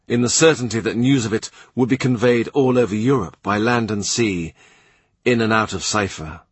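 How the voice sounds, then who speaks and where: Husky male audiobook narrator. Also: fairly low pitch, a bit bright, no echo. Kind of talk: scripted narration.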